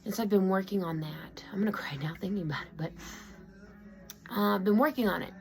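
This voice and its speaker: Here the same kind of vlogger speaks in a mid-range, creaky voice at a fairly quick clip. She's at home in her room, chatting openly about how she feels, full of fillers and false starts.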